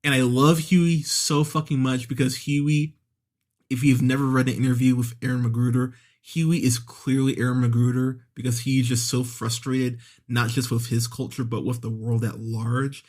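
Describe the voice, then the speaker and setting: A man hosting a movie podcast reviews an episode in a casual, conversational way, often correcting himself mid-sentence, using fillers, and re-voicing characters when he quotes scenes. His mid-range voice is level and a little mellow, at a moderate pace.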